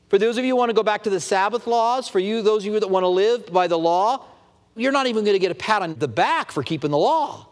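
Animated preacher man, high lively voice. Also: in a large hall. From Tucson, Arizona. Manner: animated storytelling, acts out dialogue. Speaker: pastor. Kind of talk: sermon.

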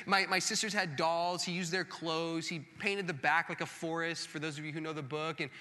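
Man, thirties, pastor, storytelling sermon, self-mocking, animated, very bright tone, long hall reverb. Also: on the high side, normal speed.

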